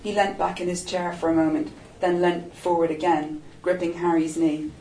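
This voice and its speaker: A woman narrating a novel in a measured, even storytelling manner. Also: lowish voice, slight background noise. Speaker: audiobook narrator. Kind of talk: scripted narration. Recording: roomy echo, distant mic.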